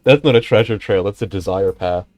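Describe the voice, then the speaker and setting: A male guest on a casual game stream, trading dry, quick-witted quips. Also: low voice, darkish tone.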